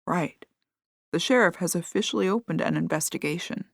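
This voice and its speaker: Lady reading as soft-spoken hesitant lawyer guy, lowish voice, dry audiobook. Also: fairly quick, creaky, no echo.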